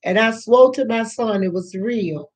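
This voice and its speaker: A woman's voice: on the high side, darkish tone. An older woman, a grandmother, telling a personal story in a chatty, rambling way, repeating herself and acting out what others said. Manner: slow, chatty, repeats herself, acts out quoted voices. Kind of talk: casual storytelling to camera.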